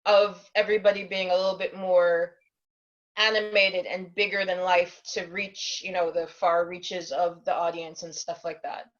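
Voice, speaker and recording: A woman's voice: lowish voice, level tone, normal speed, highs cut off. A woman from New Jersey chatting as a panelist on a video call, with lots of fillers.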